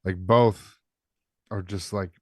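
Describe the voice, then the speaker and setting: Low-voiced, halting man ranting on a podcast. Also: fairly even intonation, no echo. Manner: halting, restarts, swears for emphasis. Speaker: podcast co-host. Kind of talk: casual podcast chat.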